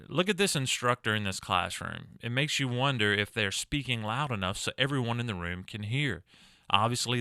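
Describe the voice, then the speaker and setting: A man with a Southern US accent lecturing in a bright, forward voice. His tone is clean and crisp, recorded dry and close with no room sound. He keeps it conversational and poses rhetorical questions to his students. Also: mid-range voice, no echo. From American South. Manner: conversational, demonstrates mispronunciations, asks rhetorical questions. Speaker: college instructor.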